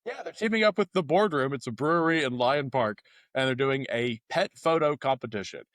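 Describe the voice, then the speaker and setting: A man co-hosting a local news podcast in a relaxed, joking way, slipping into quick silly voices. His voice sits in a middle register. The sound is dry and close. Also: medium pitch, no echo. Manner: joking, animated voice impressions. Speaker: podcast co-host, journalist. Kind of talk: casual news chat.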